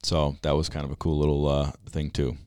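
A man's voice: a bass voice, completely flat delivery, brisk, darkish tone, smooth, no room sound, studio quality. A man co-hosting a podcast in easygoing casual chat, laughing as he talks. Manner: easygoing, laughs while talking. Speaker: podcast co-host.

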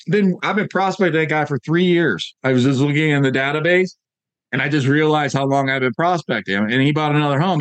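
A man from Northern Virginia, USA, whose voice runs on the high side, coaches real estate agents through casual motivational storytelling. His talk is full of fillers and repeated phrases, and the recording is dry.

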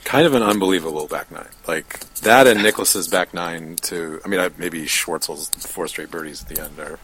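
A man chatting as a guest on a podcast, with a very low voice. He rambles loosely, thinking aloud and restarting his sentences as he goes, with some faint noise in the background. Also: normal speed, fairly bright tone, poor audio. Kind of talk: casual chat.

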